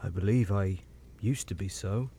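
A man voicing a troubled, grave railway signalman who speaks low, hushed and halting, in an audiobook reading. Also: slight background noise, natural voice. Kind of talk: audiobook character voice.

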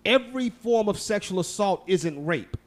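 Podcast co-host, man from Texas, fairly high voice, casual, swears, laughs often. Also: lively intonation, moderate pace. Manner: loose, profane, laughing storyteller. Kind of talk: casual chat.

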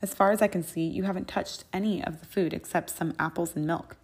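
A stubborn, bookish young witch voiced by a woman reader speaks earnestly and insistently in a fan fiction audiobook. The voice sits slightly low and stays caring but firm. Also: fairly even intonation, fairly quick, darkish tone, breathy edge.

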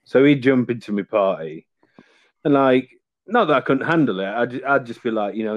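A man's voice: mid-range voice, animated, normal speed, no echo, lo-fi sound. A man, a podcast guest, telling stories in casual chat with many fillers and restarts. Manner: rambling storytelling with many fillers.

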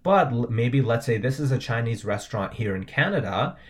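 A man's voice: mid-range voice, expressive, fairly quick. A young man giving a patient video lesson, spelling out words letter by letter and often checking in with the viewer. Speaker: language teacher.

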